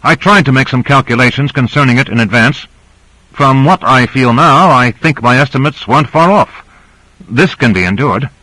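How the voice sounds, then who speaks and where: A man's voice: medium pitch, normal speed, pushed and bright, no room sound, pitched above the performer's own voice, low-quality recording. A man reading the part of a weary ship captain who explains things at length. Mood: explaining. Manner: explanatory, lecturing. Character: weary male submarine captain, explaining patiently.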